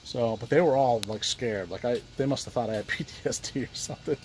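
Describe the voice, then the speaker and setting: A man's voice: mid-range voice, quick pace, a little hiss or hum. Frustrated man telling a vlog story. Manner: rambling, frustrated, acts out both sides of conversations. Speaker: vlogger recounting a medical appointment.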